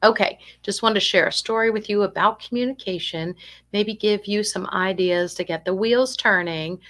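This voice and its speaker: A woman's voice: mid-range voice, moderate pace, a bit bright. A woman giving an online talk to family caregivers, telling stories in a chatty way and checking in with rhetorical questions. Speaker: dementia care educator.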